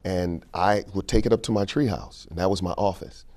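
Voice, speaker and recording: Male guest, very low mellow voice, storyteller who repeats lines for weight. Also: fairly even intonation, a little fast. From St. Louis, Missouri. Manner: storytelling, repeats phrases for emphasis. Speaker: keynote speaker and King speech performer. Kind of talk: interview conversation.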